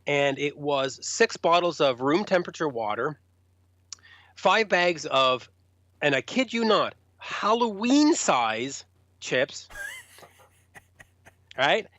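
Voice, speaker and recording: A man's voice: on the high side, slow, long pauses, no echo. Man telling rock stories, lo-fi sound. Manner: animated, acts out quoted voices. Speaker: rock journalist guest. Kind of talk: casual podcast storytelling. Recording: dull lo-fi podcast audio.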